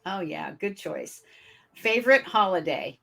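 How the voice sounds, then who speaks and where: A woman's voice: fairly low pitch, expressive, unhurried, vocal fry, a bit bright. A woman from Michigan with a northern US accent, hosting a podcast interview in a friendly, chatty way with fillers. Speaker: podcast host. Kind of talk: casual interview.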